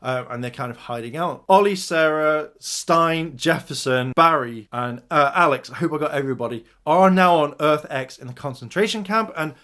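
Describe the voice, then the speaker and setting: A man's voice: fairly high pitch, normal speed, few pauses, a bit bright. A man giving an enthusiastic casual review of TV episodes, retelling scenes and addressing his viewers. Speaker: video reviewer.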